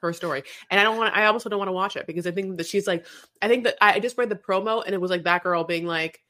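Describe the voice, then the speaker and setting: A woman's voice: medium pitch, very fast, sharp tone. A woman co-hosts a casual podcast in a mid-height voice, rambling through her thoughts. She talks animatedly and keeps slipping into playful quoted voices. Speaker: podcast co-host. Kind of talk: casual chat recapping a reality show.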